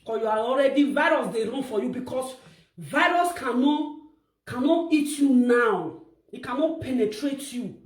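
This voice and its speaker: High-voiced, animated Nigerian woman vlogger. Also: moderate pace, echoey room. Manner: animated, mocking, bursts of shouting. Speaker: vlogger commentator. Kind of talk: gossip commentary vlog.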